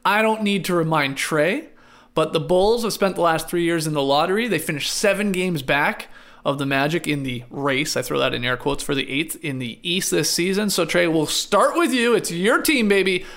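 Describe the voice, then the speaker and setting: A man's voice: on the high side, normal speed, a bit bright. A man hosting a sports panel, upbeat and playful as he hands questions to guests. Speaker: host.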